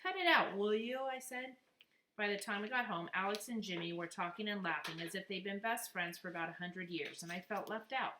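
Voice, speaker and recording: A woman reading a children's book aloud, lively and expressive. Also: fairly low pitch, brisk, few pauses. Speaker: reader. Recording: echoey room, faint noise.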